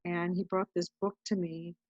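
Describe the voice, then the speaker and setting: A woman's voice: fairly low pitch, flat delivery, normal speed, a little mellow. Chatty woman guest on muffled audio. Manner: chatty, recounts events with lots of "I'm like". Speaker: podcast guest. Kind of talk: casual storytelling.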